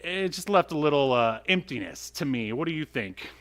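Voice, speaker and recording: A man's voice: fairly high pitch, lively intonation, normal speed, fairly bright tone. A man co-hosting a podcast, chatting casually about an old cartoon with plenty of fillers and asides. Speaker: podcast co-host.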